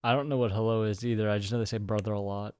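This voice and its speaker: A man's voice: fairly low pitch, fairly even intonation, rapid-fire, darkish tone, smooth. A young man co-hosting a podcast, trading jokes and teasing banter in casual chat. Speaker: podcast co-host.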